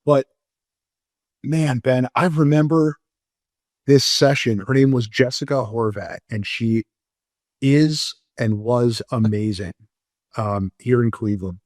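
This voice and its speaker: Man in his forties, podcast guest, halting and candid, near tears, dry dead sound, mid-pitched voice. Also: darkish tone, no room sound. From Moldova. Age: 40s. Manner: candid, halting, many fillers and restarts. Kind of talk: emotional personal storytelling.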